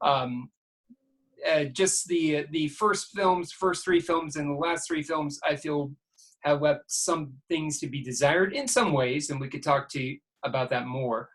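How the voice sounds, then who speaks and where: A man's voice: a little high, unhurried, fairly bright tone. A man co-hosting a casual podcast chat, rambling and hesitant. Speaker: podcast co-host.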